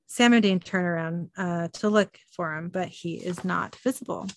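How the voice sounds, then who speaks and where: A woman podcast host narrating a TV episode scene by scene, reading in a relaxed way with filler ums and uhs. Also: on the low side, normal speed, no room sound. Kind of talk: reading a scene-by-scene recap with chat.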